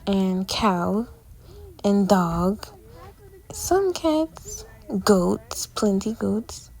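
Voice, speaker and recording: Very gravelly young woman vlogging. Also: mid-range voice, lively intonation, very slow, darkish tone, poor audio. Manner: chatty, loose slangy storytelling. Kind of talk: casual travel vlog narration.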